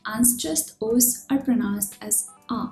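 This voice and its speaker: A woman delivers a scripted pronunciation lesson in a clear, measured way. Her voice sits fairly high but sounds mellow. The room is echoey, with soft music underneath. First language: Russian. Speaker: language teacher. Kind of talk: scripted instructional narration. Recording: roomy echo with faint background music.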